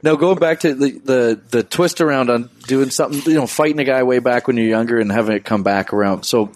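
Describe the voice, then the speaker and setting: A man's voice: mid-range voice, quick pace, dry recording. A man from Ontario telling a rowdy family story in a casual chat, laughing often and swearing freely. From Ontario, Canada.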